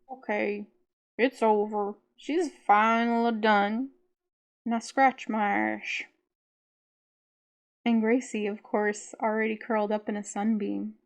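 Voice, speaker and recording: A woman reading her own audiobook in a gentle, heartfelt, unhurried way. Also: medium pitch, vocal fry. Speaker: author narrating her own book. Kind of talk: audiobook narration.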